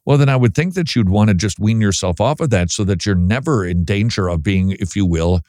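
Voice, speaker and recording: A man's voice: on the low side, expressive, brisk, darkish tone, no echo, studio quality. A middle-aged man hosting a casual Christian talk show, chatty with wry asides, sometimes stumbling over his words. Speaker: podcast host.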